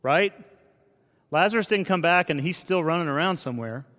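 A man preaching a sermon as a pastor, in a conversational, earnest style that often drops to a hushed delivery. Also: on the high side, lively intonation, moderate pace. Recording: long reverb of a large hall.

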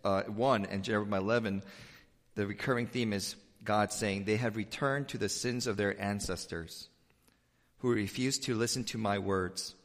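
A man preaching a sermon in a conversational way. He rises to emphatic peaks and then drops to a soft voice. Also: lowish voice, steady tone, moderate pace. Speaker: pastor. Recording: long hall reverb.

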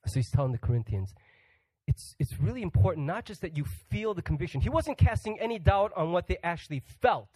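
A man's voice: high voice, sing-song, fairly quick, a little mellow, dry recording, poor audio. A man preaching a sermon as a guest pastor, joking with the congregation and putting questions to them. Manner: humorous, acts out quoted voices; asks the audience questions.

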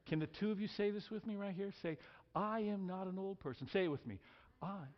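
A man's voice: high-pitched, a little fast, big-room sound, lo-fi sound. A man in his sixties preaching an emphatic sermon as a pastor, leading the congregation in call-and-response. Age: 60s. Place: church sanctuary.

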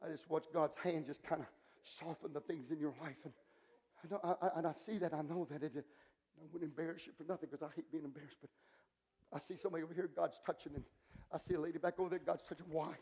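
A man preaching a revival sermon, swinging between shouted, rhythmic climaxes and hushed, intimate stretches, with a repeated "uh" between phrases. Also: on the high side, steady tone, fast, breathy edge. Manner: punctuates phrases with "uh", repetitive rhythmic cadence. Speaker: guest preacher. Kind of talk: Pentecostal-style revival sermon.

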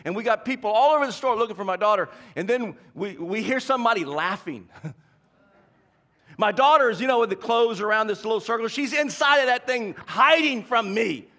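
Emphatic high-voiced preacher man. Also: lively intonation, brisk. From American South. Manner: emphatic preacher, swings from hushed to shouting, repeats key lines. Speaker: pastor. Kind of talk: sermon.

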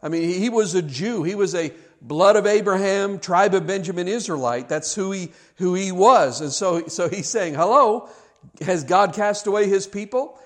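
A man's voice: sits high, moderate pace, few pauses. Earnest stammering male preacher. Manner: earnest, repetitive, stammering restarts, rhetorical questions. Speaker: pastor. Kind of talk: sermon.

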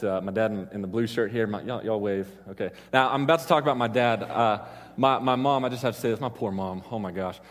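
A man giving a sermon to a live audience, rambling through personal stories and stopping often to restart and joke. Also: lowish voice. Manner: rambling, self-interrupting, joking with the crowd. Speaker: preacher. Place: church hall with an audience. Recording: long hall reverb.

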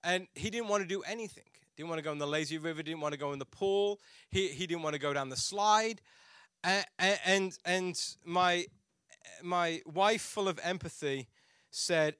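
A high, bright male voice belongs to a pastor who preaches like he is chatting with friends. He pokes fun at himself and often restarts his sentences. The sound is close and dry. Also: moderate pace, clear, resonant tone, no room sound. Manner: chatty and self-mocking, with frequent restarts. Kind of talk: storytelling sermon.

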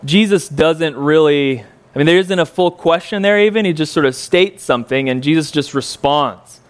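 A man's voice: fairly high pitch, smooth. Chatty preacher, man with a raised voice. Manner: folksy, joking asides, frequent ums and uhs. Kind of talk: conversational sermon.

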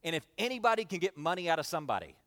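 A calm, soothing husband, put on by a man telling a story. He speaks low and slow, steady and reassuring, as he settles his panicked wife.

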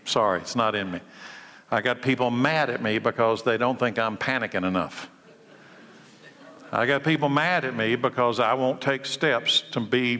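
Pastor guy preaching a sermon, bright punchy voice, goes quiet then strong, big echoey hall. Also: mid-range voice. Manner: emphatic preaching, drops to hushed tones for stories.

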